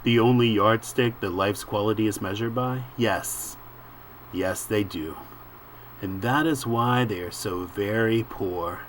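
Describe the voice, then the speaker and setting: A man reading a comic book aloud and musing over the panels in an unhurried way, with frequent filler words. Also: lowish voice, slight background noise. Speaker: comic book reader and commentator.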